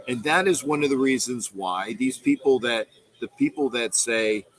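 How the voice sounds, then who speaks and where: A man's voice: mid-range voice, moderate pace, a bit bright, rough recording. A middle-aged man hosting a casual livestream, rambling and repeating himself as he reads viewer comments and reacts to them. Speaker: host of a fan call-in livestream. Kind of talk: casual live-stream fan talk.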